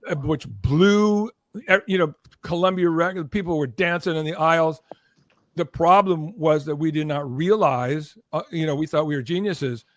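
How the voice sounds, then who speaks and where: An older man, a former record promotion executive, telling animated stories as a guest and acting out the people in them. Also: moderate pace, no room sound. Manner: acts out quoted voices, rising high and loud. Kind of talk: animated storytelling.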